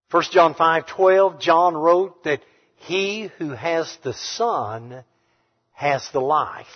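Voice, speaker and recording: Slow emphatic preacher in a reverberant hall. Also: male voice, a little high, husky. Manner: emphatic, swings from hushed to loud. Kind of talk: sermon. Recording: reverberant hall, dull sound.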